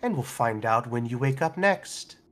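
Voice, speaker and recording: A man's voice: mid-range voice, lively intonation, normal speed, lightly acted. A man voicing a detached male Storm Giant who coolly experiments on a captive, in a tabletop game. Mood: condescending.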